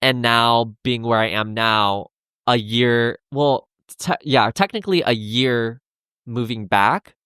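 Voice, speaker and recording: A young adult man hosting a solo podcast, talking earnestly in a halting way with many restarts and fillers. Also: mid-range voice, pushed and bright, clear, resonant tone, no room sound, clean studio sound. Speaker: podcast host. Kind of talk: solo confessional podcast talk.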